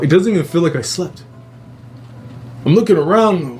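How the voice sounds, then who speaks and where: A man hosting a live show, telling a dream story in a profane, rambling, animated way. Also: on the high side, brisk, pauses often, slight background noise. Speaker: host. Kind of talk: casual storytelling.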